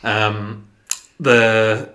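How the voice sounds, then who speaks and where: Bright-voiced man, rambling film chat. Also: fairly low pitch, fairly even intonation, extremely slow. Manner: rambling, laughs often, acts out quotes. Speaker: podcast co-host. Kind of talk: casual film discussion.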